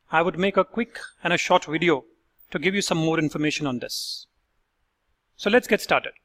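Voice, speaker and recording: A man teaching English pronunciation in a video lesson, speaking slowly and deliberately and enunciating each example word. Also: on the high side, fairly bright tone.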